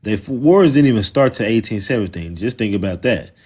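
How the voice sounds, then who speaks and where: A man's voice: lowish voice, expressive, brisk, a little mellow. A man with a Southern US accent, hosting a loose, mocking, profane livestream and talking casually. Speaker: livestream host.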